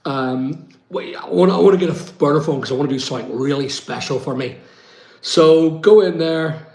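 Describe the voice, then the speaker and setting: A man's voice: on the high side, fairly quick, a little mellow. A man from Britain hosting a casual live-stream chat, rambling and reading viewer comments aloud. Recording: echoey room.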